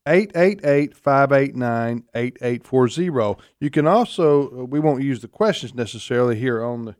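A man's voice: mid-range voice, animated, normal speed, a little mellow, dry recording, clean studio sound. A man hosting a call-in trivia radio show in a folksy manner, taking callers and reading out phone numbers. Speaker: radio host. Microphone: studio mic.

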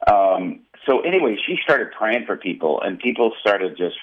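Very deep-voiced pastor on phone-like audio. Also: male voice, normal speed. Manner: animated storyteller, acting out quotes. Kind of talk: telling a personal testimony in an interview.

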